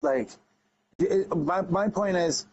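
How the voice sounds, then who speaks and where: A man's voice: sits high, takes it slowly, darkish tone. A man speaking as a podcast guest about running his own online wrestling league. He talks in an earnest, emphatic way, rambling and restarting his sentences. The audio is slightly dull and carries a faint background hiss. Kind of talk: casual podcast chat.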